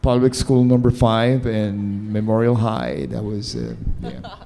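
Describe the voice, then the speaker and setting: A man's voice: on the low side, animated, unhurried, vocal fry, background noise. A man in his sixties from Cuba with a Cuban-New Jersey accent, chatting and telling stories as a guest on a convention panel. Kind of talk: casual storytelling on a convention panel.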